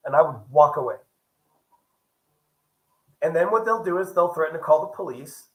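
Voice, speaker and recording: A man's voice: on the high side, moderate pace, long pauses, rough recording. A young man vlogging casually, telling a story and acting out the other people's lines as he goes. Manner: animated, acts out quoted dialogue. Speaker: travel vlogger.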